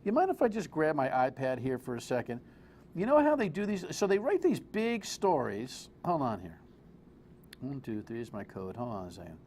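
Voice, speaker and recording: Animated, lively-voiced male TV host. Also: mid-range voice, normal speed, slight background noise. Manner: animated, exclamatory, rambling asides. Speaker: TV talk show host. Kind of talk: live TV political commentary.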